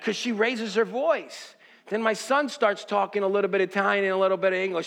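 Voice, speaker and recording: A pastor preaching a sermon in a fairly high voice, recorded with a long reverb that rings through the hall. He poses rhetorical questions to his listeners and shifts between fervent exhortation and soft, reflective storytelling. The sound stays roomy and live throughout. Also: expressive, brisk. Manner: preaching with rising intensity, then quiet reflective storytelling.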